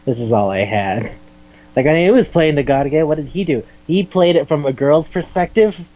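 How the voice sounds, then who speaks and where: Man excitedly retelling a cartoon. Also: fairly high pitch, a little fast, highs cut off. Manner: animated retelling with acted quotes, swears and laughs. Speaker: podcast host. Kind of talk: casual chat recapping an anime.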